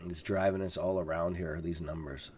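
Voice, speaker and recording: A man's voice: sits low, steady tone, normal speed, darkish tone, slight background noise. A tired, yawning man hosting a casual live stock market stream, rambling and swearing now and then. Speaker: stock trading livestream host.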